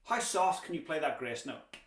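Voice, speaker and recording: A man's voice: fairly high pitch, lively intonation, normal speed. Man teaching drums in an echoey room. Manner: chatty, encouraging, cracks dad jokes. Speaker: drumming teacher. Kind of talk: instructional lesson. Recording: echoey room with clear background noise.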